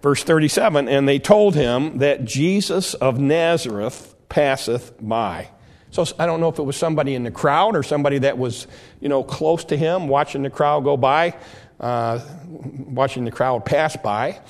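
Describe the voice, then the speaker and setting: A man's voice: medium pitch, normal speed. A male preacher giving a sermon who explains scripture verse by verse, often stumbling over and repeating his words as he goes.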